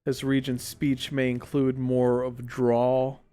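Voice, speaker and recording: A young man co-hosting a podcast, talking in a relaxed, rambling way with lots of fillers. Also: medium pitch, slow, clean tone. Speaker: podcast co-host. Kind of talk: casual chat.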